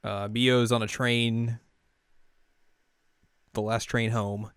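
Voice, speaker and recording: A man's voice: mid-range voice, level tone, slow pace, fairly bright tone, clear, resonant tone, no room sound, studio quality. A man hosting a podcast, chatting through an episode recap with fillers and laughs. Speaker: podcast host.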